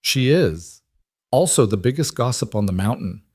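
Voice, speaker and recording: A man voicing a protective single father who speaks calmly and firmly. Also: mid-range voice, normal speed, no echo, studio quality, close to an everyday voice. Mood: steady. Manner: calm, firm.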